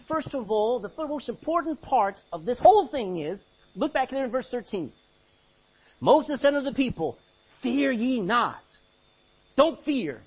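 A man preaching a sermon, reading scripture aloud and breaking into sudden loud outbursts. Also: extremely high pitch, slightly rough. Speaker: pastor. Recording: muffled lo-fi recording.

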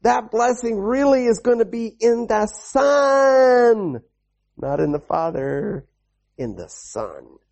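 A man's voice: very high-pitched, big pitch swings, slow pace, creaky, a little mellow, pitched above the performer's own voice, heavily acted. A preacher doing an old patriarch father. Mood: earnest. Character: aged male patriarch, a devoted, obedient father.

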